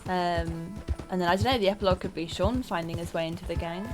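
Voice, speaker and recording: A woman with a fairly low voice and quick pace gives casual commentary while playing a video game, thinking aloud and rambling a little. She's a let's play gamer, and game music and horse hooves are audible behind her.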